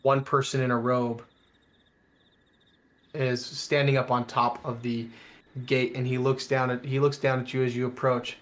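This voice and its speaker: A man's voice: mid-range voice, little pitch movement, measured pace, pauses often, a bit bright. Rambling male game master. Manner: loose, rambling narration with frequent fillers. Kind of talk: narrating a tabletop game.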